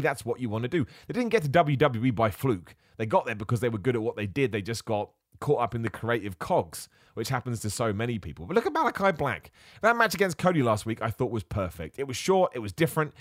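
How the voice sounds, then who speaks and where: A man hosting a podcast, giving opinions in a casual, animated, self-deprecating way. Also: medium pitch, no echo, studio quality. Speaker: podcast host.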